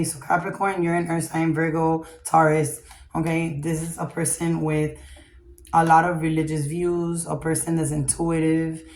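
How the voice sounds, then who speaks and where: A woman's voice: sits low, creaky, a little mellow, a little hiss or hum. A woman giving a casual tarot reading, blunt and profane, checking in with "okay?" again and again. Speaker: tarot reader. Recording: echoey room.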